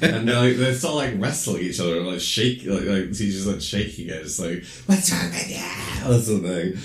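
Deep-voiced man rambling through a film recap. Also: fairly quick, echoey room. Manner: rambling, filler-heavy storytelling; acts out quoted lines in high squeaky voices. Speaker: podcast co-host recapping a film. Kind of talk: casual chat.

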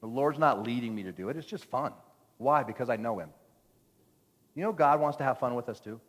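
A pastor with a medium-pitched voice, speaking a little fast, preaches a playful sermon in his church sanctuary. He jokes with the congregation while telling a story, and the recording carries long church-hall reverb.

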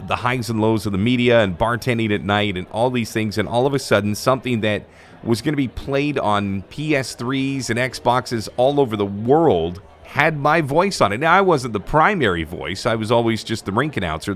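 At a normal speed, a somewhat low-voiced man looks back on an episode from his career as a stadium broadcaster and rink announcer. His telling is relaxed and lively, carried by the easy flow of someone used to a microphone.

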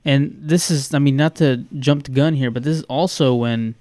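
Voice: mid-range voice, normal speed, warm tone, dry recording. A podcast co-host chatting casually about a true-crime case.

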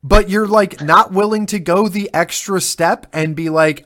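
A man co-hosting a casual political chat podcast, retelling his arguments with heated, animated energy. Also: on the high side, measured pace, hardly any pauses. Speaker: podcast co-host.

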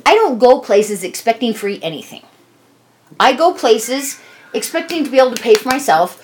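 A woman's voice: fairly high pitch, sing-song, normal speed, a little hiss or hum. A woman telling a casual personal story, rambling and swearing freely, acting out quoted dialogue as she goes.

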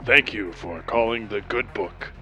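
Man doing a formal male phone contact, bright crisp tone, calm and curt, tabletop game. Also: fairly low pitch, a little slow, soft background music.

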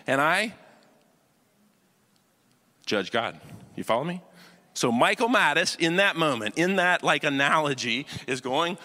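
A male pastor preaching a conversational sermon, often checking "you follow me?", swinging between loud emphasis and hushed intensity. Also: fairly high pitch, very animated, unhurried, long pauses. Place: church auditorium. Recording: long reverb of a large hall.

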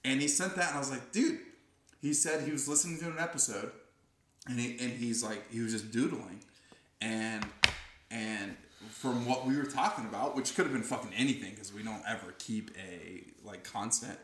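Young male podcast co-host: excitable, bright and lively, casual swearing, roomy sound. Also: medium pitch, moderate pace, slight background noise. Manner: excitable, laughs often, swearing. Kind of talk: casual chat.

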